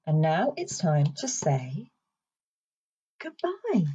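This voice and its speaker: A woman's voice: fairly low pitch, big pitch swings, unhurried, darkish tone, husky, muffled recording. A woman with a British accent, a speech and language therapist leading a children's session in a playful, sing-song way. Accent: British English.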